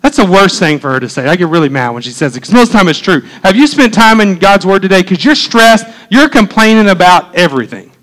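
A middle-aged man preaching a sermon as pastor, animated and conversational, with frequent asides. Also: sits high, fast, few pauses, low-quality recording.

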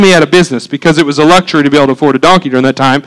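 A man's voice: fairly high pitch, rapid-fire, hardly any pauses, a bit bright, rough recording. A man preaching a conversational sermon as pastor, building to fervent emphasis.

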